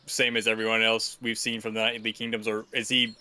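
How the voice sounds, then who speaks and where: A man playing a tabletop game who talks haltingly, restarting his sentences. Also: lowish voice, completely flat delivery, sharp tone, a little hiss or hum. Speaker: player.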